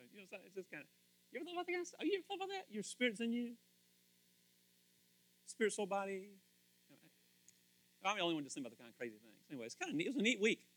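A man preaching a casual, conversational sermon as pastor, animated and questioning his listeners. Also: sits high, no echo, low-quality recording. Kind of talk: casual sermon, Bible teaching.

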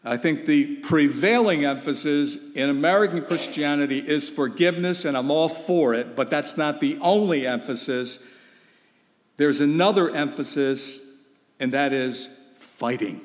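A man preaching with urgent emphasis, throwing rhetorical questions at the congregation. His voice sits a little high for a man and rings out with a long hall reverb. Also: a little slow. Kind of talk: sermon.

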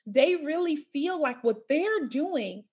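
A woman in her thirties chatting casually, telling stories in an animated way and laughing through her words. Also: high-pitched, takes it slowly. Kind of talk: casual chat.

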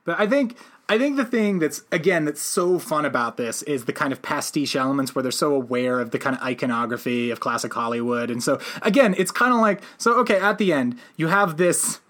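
A man's voice: fairly high pitch, expressive, brisk, a bit bright. A man co-hosting a podcast, chatting casually about a film and joking as he acts out lines. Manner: joking, acts out quotes in sudden voices. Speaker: podcast co-host.

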